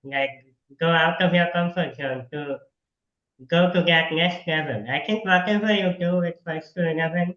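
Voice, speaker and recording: A man hosts a casual interview over a video call, talking in a chatty, upbeat way and laughing easily. His voice sits a little high and sounds bright, while the call audio comes through echoey and dull. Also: normal speed.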